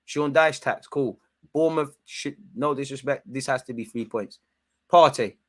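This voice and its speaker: Young male watchalong host, mid-pitched, chatty and excitable, given to yelling at the ref. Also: moderate pace. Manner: animated, shouts at the referee, slangy banter. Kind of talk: live match reaction commentary.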